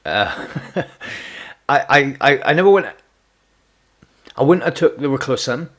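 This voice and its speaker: A male streamer with an animated, fairly bright mid-range voice talks a little slowly as he casually chats through a game. He teases viewers and trips over words he repeats.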